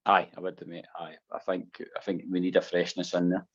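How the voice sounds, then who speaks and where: Scottish male co-host, low voice, rambling casual chat, muffled audio. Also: monotone, fairly quick. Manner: rambling, many restarts, says mate and aye a lot. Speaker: co-host of a fan phone-in show.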